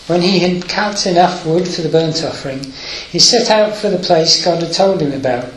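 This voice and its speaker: A man's voice: on the high side, fairly bright tone, echoey room, slight background noise, rough recording. A man preaching a sermon, reading scripture aloud and explaining it with hesitant fillers, moved by the story. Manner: unhurried, emotional, with hesitant fillers.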